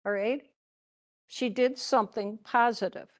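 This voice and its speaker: An older woman, a religious sister, teaching a class through stories in a gentle, chatty way, often checking in with her listeners. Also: a little high, steady tone, unhurried. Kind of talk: storytelling lecture to a class.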